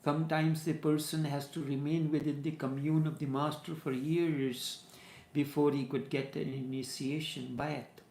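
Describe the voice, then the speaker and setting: A man, a spiritual teacher giving a discourse full of stories, speaking in a measured way and repeating phrases for emphasis. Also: fairly high pitch, little pitch movement, gravelly, darkish tone. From Trinidad. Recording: roomy echo.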